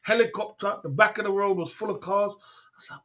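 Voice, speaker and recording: A man's voice: high voice, a little fast, a bit bright. A British man hosting a livestream, telling rambling stories in a casual way, chuckling often and checking in with his listeners. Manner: rambling, chuckles often, keeps asking "you know what I'm saying". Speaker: livestream host.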